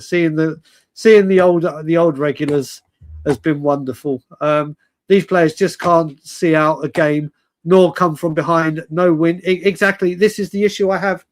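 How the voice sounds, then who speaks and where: A man hosting a live fan stream, talking casually and rambling, laughing often and calling viewers mate and brother. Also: on the high side.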